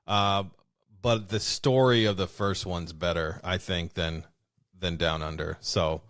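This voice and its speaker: A man's voice: low voice, steady tone, a little slow, a bit bright, no room sound, clean studio sound. A man co-hosting a podcast, chatting in an easygoing, agreeable way. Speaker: podcast co-host. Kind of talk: casual chat.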